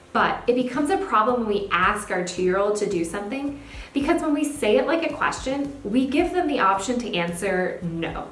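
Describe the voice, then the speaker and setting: A young woman, a speech therapist, giving parenting tips in a clear, upbeat teaching manner. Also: on the high side. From California. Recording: echoey room, faint background hiss.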